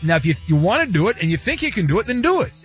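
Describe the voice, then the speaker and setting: A man hosting a talk radio show, brisk and wisecracking. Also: high voice, sing-song, fairly bright tone, dull audio, soft background music. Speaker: radio host.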